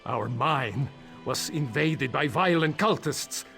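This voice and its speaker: A man's voice: medium pitch, lively intonation, slow pace, creaky, fairly bright tone, soft background music, full character voice. An actor playing an anxious male mine foreman in a video game, rambling nervously with dry humor about his trapped crew.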